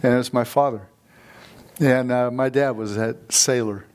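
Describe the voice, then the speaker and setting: A middle-aged man preaches in a church sanctuary, fired up and telling stories with real energy. He speaks at a medium pitch for a man and often stops to call out for amens. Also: fairly even intonation, unhurried, darkish tone. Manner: fired-up, storytelling, calls for amens. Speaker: guest preacher. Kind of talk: sermon.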